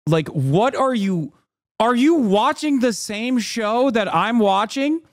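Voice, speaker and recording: Exasperated high-voiced male streamer ranting. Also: expressive, slow, no echo. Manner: exasperated, profane, incredulous, shouts at times. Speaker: streamer reacting to a video. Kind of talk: angry ranting commentary.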